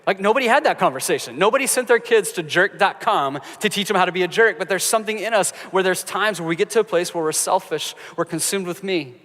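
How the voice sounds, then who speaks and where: A male pastor preaches in a relaxed, conversational way, weaving in stories with a humorous touch. His voice sits a bit higher than most men's. A long reverb from the church sanctuary trails after each phrase. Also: fast, hardly any pauses. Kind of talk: sermon.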